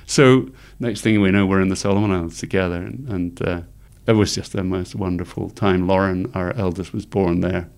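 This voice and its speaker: A middle-aged man, telling lively stories as an interview guest and laughing often. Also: deep voice, moderate pace, gravelly, hardly any pauses. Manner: animated anecdotes, laughs often, acts out quoted voices. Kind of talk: storytelling in conversation.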